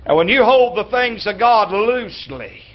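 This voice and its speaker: Male traveling preacher, very high voice, folksy storytelling sermon with shouted peaks, slightly muffled recording. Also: lively intonation, normal speed. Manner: folksy preacher, acts out dialogue, breaks into shouts. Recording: slightly dull lo-fi church recording.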